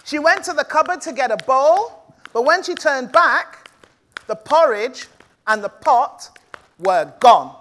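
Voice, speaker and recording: A woman storyteller performs live for an audience, playful and rhythmic, drawing the listeners into call and response. Her voice is high and bright, and her pace is slow and unhurried. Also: expressive.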